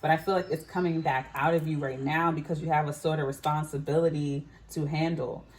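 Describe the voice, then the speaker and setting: A woman's voice: low voice, steady tone, a little fast, a little mellow. Chatty woman giving a tarot reading. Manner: chatty, musing, frequent "I feel like". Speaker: tarot reader. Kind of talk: casual psychic reading to camera.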